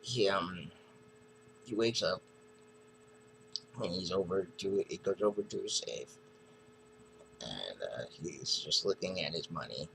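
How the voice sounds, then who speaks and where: A man's voice: low-pitched, lively intonation, slow, gravelly, pauses often, fairly bright tone, a little hiss or hum, low-quality recording. A man casually reviewing a comic book, retelling the story in a rambling, hesitant way.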